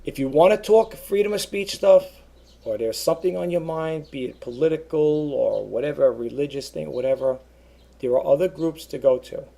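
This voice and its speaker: A man's voice: fairly high pitch, normal speed, gravelly, dark tone. A man talking to his viewers over a webcam in a casual, rambling monologue, earnestly repeating himself. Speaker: eBay seller vlogger.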